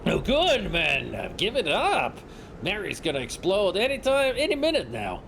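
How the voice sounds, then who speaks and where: A shrill, unhinged male outlaw, as a man puts him on for a horror game, his voice jumping high and wild as he rants. He yells in frantic bursts, then turns to mocking threats. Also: huge pitch swings, a little slow, creaky, slight background noise, full character voice. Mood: taunting.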